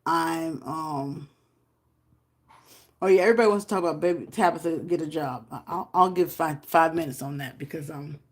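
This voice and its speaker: A woman hosting a casual livestream. She rambles and chats, greets viewers by name, and often jumps into high, loud exclamations. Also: normal speed. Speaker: livestream host.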